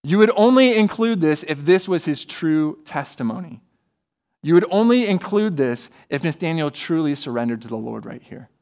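A man's voice: on the high side, normal speed. A man preaching a sermon as a pastor, earnest and acting out quoted voices. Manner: earnest, builds to animated, acts out quoted voices.

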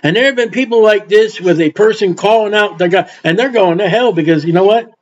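A man's voice: sits high, brisk. An older man preaching an informal Bible sermon in a folksy way, acting out quotes and adding asides. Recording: dull lo-fi recording.

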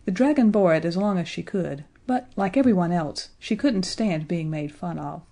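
A woman narrating a children's audiobook in a gentle, expressive way. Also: fairly low pitch, normal speed.

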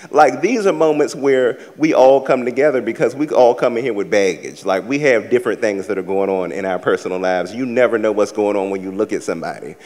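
Man, stand-up comic from the South, campy and sassy, theater reverb. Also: medium pitch. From American South. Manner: sassy, campy storytelling with loud acted-out asides. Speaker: stand-up comedian. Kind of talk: live stand-up set. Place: large theater stage with a live audience.

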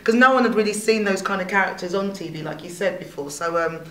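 A woman's voice: mid-range voice, fast talker, sharp tone. A woman comedian chatting in an interview, rambling with fillers and laughing often. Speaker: comedian guest. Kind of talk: casual interview chat. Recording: echoey room.

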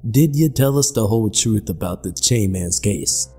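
A blunt, impatient police captain barks his questions, as a man voices him. The tone is low and dark, demanding and pushy, a gruff figure from a spoken horror tale. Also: animated, normal speed, soft background music. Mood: pressing. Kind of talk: horror story narration voice acting.

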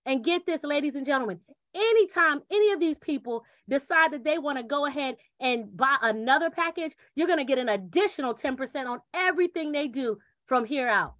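A woman delivers a lively sales presentation in a very high, bright voice. The recording is dry and close. She acts out quick back-and-forth scenes and repeats her catchphrases. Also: no room sound. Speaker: presenter pitching a referral program. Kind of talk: energetic sales pitch.

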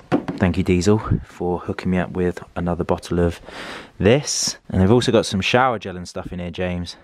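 A young man vlogging a casual, upbeat tour of a hotel room, chatty and relaxed. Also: sits low.

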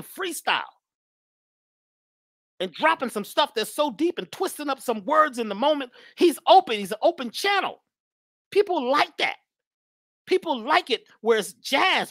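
A woman's voice: a little high, a bit bright, dry recording, clean studio sound. A woman giving an emphatic spiritual talk in a preachy manner, often repeating her phrases. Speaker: spiritual speaker.

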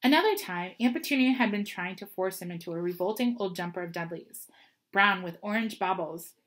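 Woman, storybook reading, steady, expressive, mid-pitched voice. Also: brisk. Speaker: reader.

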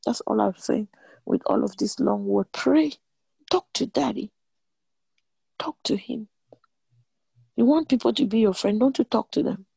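A woman leading an online prayer meeting, preaching in a motherly, animated way and laughing often. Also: on the high side, unhurried, gravelly, long pauses, slightly rough, no echo. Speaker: prayer leader.

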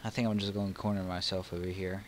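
A man with a Southern US accent doing let's play commentary on his own gaming channel, muttering low and breaking into excited or frustrated outbursts. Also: fast, slight background noise, poor audio.

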